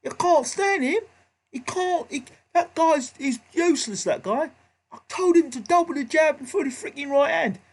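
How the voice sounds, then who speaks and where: A man's voice: expressive, moderate pace. Man putting on a ranting Cockney boxing trainer. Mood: exasperated. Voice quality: shrill and shouty. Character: stubborn old-school male boxing trainer, ranting.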